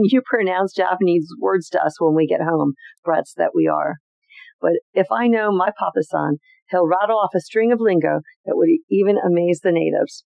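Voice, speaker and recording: A podcast host reads old family letters aloud with an expressive, chatty delivery and adds personal asides between them. The voice has a gravelly, creaky edge. It sits in a dry, dull, slightly lo-fi home recording. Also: mid-range voice, dry recording.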